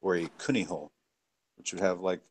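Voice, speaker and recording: A man's voice: sits low, steady tone, brisk, husky. A man hosting a casual livestream chat, joking dryly and trailing off. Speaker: host.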